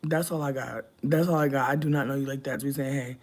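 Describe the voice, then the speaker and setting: Young adult streamer, casual live chat, profane and animated storyteller who swings from loud, high bursts to quiet asides. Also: quick pace. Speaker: livestreamer reading chat.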